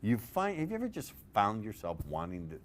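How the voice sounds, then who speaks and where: A man's voice: lowish voice, wildly swooping pitch, brisk, very noisy. A man presenting a live seminar on persuasion, playful and profane, quizzing his audience with questions.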